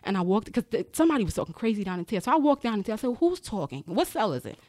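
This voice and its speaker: Racing through her stories in a medium-pitched voice, a corrections officer talks frankly and profanely on a podcast, acting out the voices of those involved with lots of animation. The sound is dry and studio quality.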